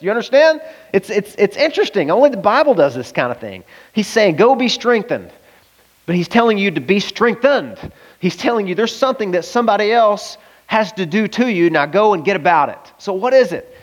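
A man from the American South preaching a lively, conversational sermon and often asking his listeners questions. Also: on the high side, low-quality recording.

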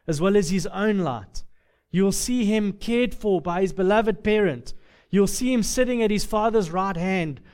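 High-voiced male preacher, slow and rhetorical. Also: darkish tone. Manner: slow, measured, rhetorical delivery with lists and repeated phrases. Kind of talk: sermon.

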